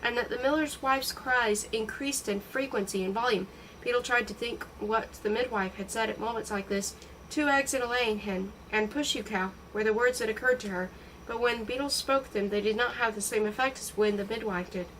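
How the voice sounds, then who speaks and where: Woman reading a storybook aloud, fairly high. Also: brisk, distant mic, slight background noise, rough recording. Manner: steady, expressive reading. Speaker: audiobook reader.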